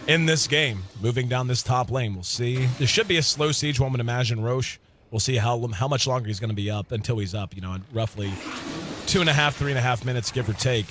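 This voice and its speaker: A man's voice: mid-range voice, fairly bright tone. Guy doing live esports commentary, mid voice, easygoing chatty delivery, faint background hum. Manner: conversational, thinks aloud with fillers, laughs easily.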